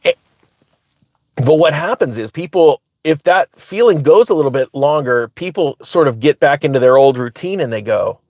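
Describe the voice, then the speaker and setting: A man hosting his own channel, telling a story in a casual, animated way and often laughing as he talks. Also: on the high side, normal speed, no room sound. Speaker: finance commentator, channel host.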